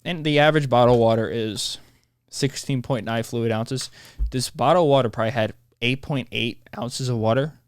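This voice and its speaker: A man hosting his own podcast, talking in a rambling, animated monologue that keeps interrupting itself. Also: mid-range voice, normal speed, smooth, dry recording. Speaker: podcast host. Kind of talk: casual solo podcast monologue.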